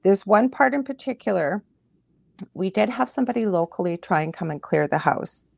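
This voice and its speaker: A woman guest tells her stories with lively asides and easy laughter. Her voice sits at a middle pitch, and the recording is dry and close, with no room echo. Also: vocal fry, lo-fi sound. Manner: animated storyteller, laughs often, quick asides. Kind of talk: casual chat, storytelling.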